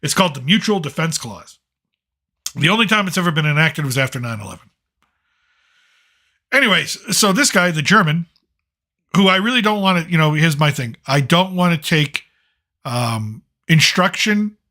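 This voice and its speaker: A man's voice: fairly high pitch, expressive, normal speed, pauses often, bright, forceful tone. A man hosting a late-night commentary show, ranting in a blunt, sarcastic, rambling way with some profanity.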